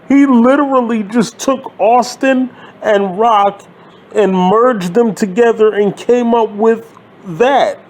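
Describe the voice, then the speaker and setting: A man hosting his own channel, ranting about wrestling in an exasperated, sarcastic, swearing way. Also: sits high. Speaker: wrestling commentary channel host. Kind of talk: profane wrestling rant.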